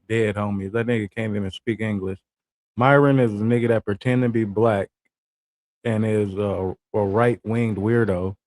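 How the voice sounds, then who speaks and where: A man's voice: fairly low pitch, a little mellow. A young American man giving blunt, slangy livestream commentary and asking his viewers questions. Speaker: livestream reaction host.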